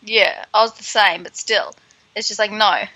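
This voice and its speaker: A woman co-hosting a podcast, recapping playfully with quick jokey asides in casual chat. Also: medium pitch, steady tone, pushed and bright, no echo, muffled recording. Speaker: podcast co-host.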